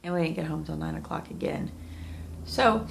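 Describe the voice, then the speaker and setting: A woman's voice: sits low, moderate pace, vocal fry. A woman in her thirties, sniffling and under the weather, chatting candidly to camera in a rambling vlog. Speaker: vlogger. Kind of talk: casual talk to camera.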